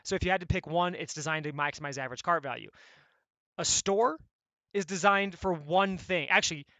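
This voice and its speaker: A man coaching members on online sales funnels, talking in an energetic, blunt, conversational way and often checking in with "right?". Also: a little high, brisk, no echo. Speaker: e-commerce coach.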